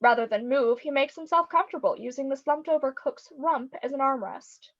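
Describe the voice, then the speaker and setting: A woman narrator reading stage directions in a brisk, wry way. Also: sits high, muffled recording.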